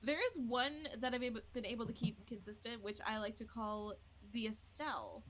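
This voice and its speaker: A woman's voice: a little high, moderate pace, fairly bright tone, a little hiss or hum, poor audio. A woman hosting a casual podcast, chatty and self-deprecating, often laughing at herself. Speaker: podcast host.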